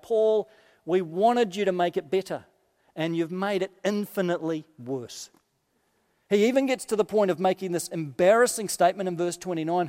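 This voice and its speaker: A man preaching a sermon, animated and lively, acting out quoted voices with dry humorous asides. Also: high-pitched, big-room sound. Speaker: pastor.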